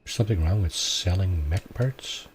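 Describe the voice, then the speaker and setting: A man giving relaxed, casual gameplay commentary, thinking aloud as he plays. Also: deep voice, a little slow, slight background noise. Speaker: gaming video host.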